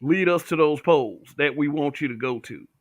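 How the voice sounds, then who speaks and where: A man's voice: a little high, moderate pace, no room sound. A man hosting a livestream, talking bluntly with profanity and reading viewer comments. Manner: blunt, profane, talks back to chat.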